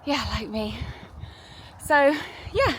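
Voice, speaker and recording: Bright-voiced chatty woman vlogging. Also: sits high, big pitch swings, a little hiss or hum. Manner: chatty and quick to laugh. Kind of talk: casual travel vlog chat. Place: outdoors on a hiking trail.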